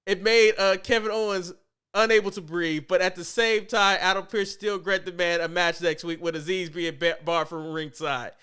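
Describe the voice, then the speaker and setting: A man co-hosting a casual wrestling podcast, animated and quick to laugh. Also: high-pitched, smooth. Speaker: podcast co-host.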